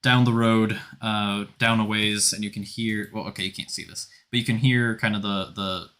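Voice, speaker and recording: Laid-back low-voiced male game master. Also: moderate pace. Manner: relaxed, rambling, many fillers. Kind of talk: narrating a tabletop game.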